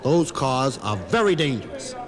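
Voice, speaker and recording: A man performing a stand-up comedy routine in a club, an animated storyteller who acts out every character. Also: mid-range voice, normal speed, a faint crowd.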